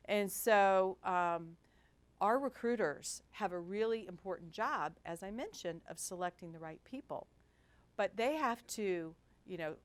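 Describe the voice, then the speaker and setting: A woman's voice: lowish voice, smooth. A middle-aged woman, a hospital executive, giving a talk and telling workplace stories with humor, acting out the voices she quotes. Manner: animated, acts out quoted voices, self-deprecating humor. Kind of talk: storytelling business talk. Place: lecture event.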